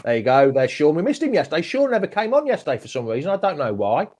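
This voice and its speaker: A man's voice: fairly high pitch, sing-song, quick pace, darkish tone. Chatty man hosting a fan show. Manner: chatty, friendly, asks many tag questions. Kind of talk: live fan chat show.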